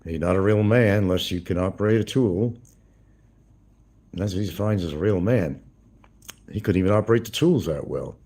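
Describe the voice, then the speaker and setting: A man's voice: low voice, moderate pace, long pauses, warm tone. A man hosting a livestream, rambling through crude gossip with swearing and chuckles. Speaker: livestream host. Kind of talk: casual livestream commentary.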